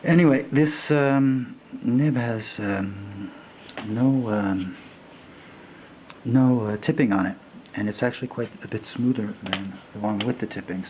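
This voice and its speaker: A man in his fifties casually reviewing a fountain pen, talking in a halting, rambling way with lots of fillers and trailing off as he writes. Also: medium pitch, phone-quality sound, a little hiss or hum. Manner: rambling, halting, many fillers, drifts to a mutter while writing. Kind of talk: casual unboxing and writing test.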